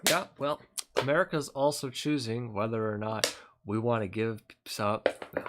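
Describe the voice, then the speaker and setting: A man's voice: medium pitch, steady tone, normal speed, very noisy. A man streaming casual commentary, sarcastic and rambling, often breaking into laughs. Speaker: streamer reacting to a speech.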